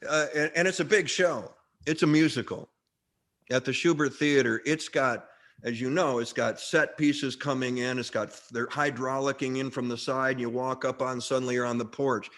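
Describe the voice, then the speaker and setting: A man's medium-pitched voice at a moderate pace belongs to a middle-aged actor guesting in a casual interview. He tells rambling stories with lively anecdotes, restarting often.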